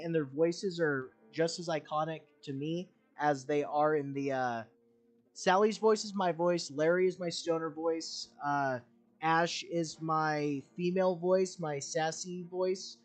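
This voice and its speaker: A man's voice: on the high side, measured pace. A young man streaming a game, talking in casual commentary, rambling and candid, with frequent fillers and the odd curse.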